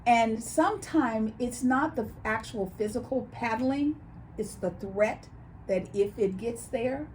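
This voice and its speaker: A woman's voice: fairly high pitch, slight background noise. A woman co-hosting a casual chat show, telling stories and acting out quoted voices as she talks. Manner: animated storyteller, acts out quoted voices. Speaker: co-host.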